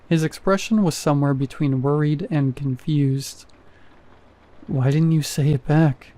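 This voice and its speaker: A man reading a first-person horror story in a measured, even storytelling manner. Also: a little high. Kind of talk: scripted horror narration.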